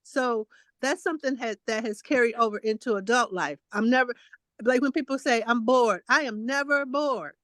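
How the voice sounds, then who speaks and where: A woman co-hosting a casual chat, telling childhood stories in a talkative way with animated quotes. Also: on the high side, moderate pace, no room sound. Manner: chatty storytelling, animated quoting. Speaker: co-host.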